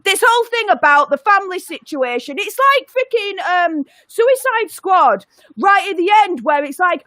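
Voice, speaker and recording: A woman's voice: extremely high pitch, very animated, moderate pace, sharp tone, no echo. A woman on a video call ranting angrily about a TV finale, exasperated and fired up. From United Kingdom. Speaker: panelist. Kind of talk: heated review rant.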